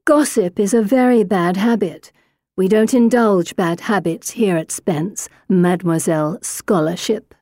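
A woman putting on a husky, sneering schoolgirl. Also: on the high side, normal speed, hardly any pauses, warm tone, no room sound, clean studio sound, voice pushed up, lightly acted. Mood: mocking. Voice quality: husky, smoky. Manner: cold, mocking, condescending. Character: sneering haughty blonde schoolgirl with a smoky voice.

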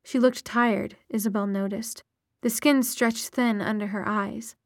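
A woman narrating a novel aloud in a steady, measured storytelling manner. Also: fairly high pitch, no room sound, studio quality. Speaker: audiobook narrator. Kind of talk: audiobook narration.

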